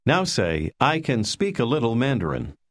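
A man narrating a language lesson in scripted instructional style, calmly prompting the listener to repeat. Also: mid-range voice, moderate pace. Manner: calm, patient, prompting the listener.

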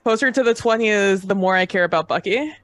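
A woman's voice: mid-range voice, fast, no echo. Brash swearing woman at a game table. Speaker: player. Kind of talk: tabletop role-play chat.

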